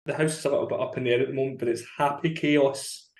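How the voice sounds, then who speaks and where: A man's voice: medium pitch, steady tone, quick pace. A man in easy banter, talking in loose, rambling runs and breaking into laughs. His voice sits mid-range and carries a noticeable room echo. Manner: chatty, rambling, laughs often. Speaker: podcast co-host. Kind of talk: casual banter. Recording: roomy echo.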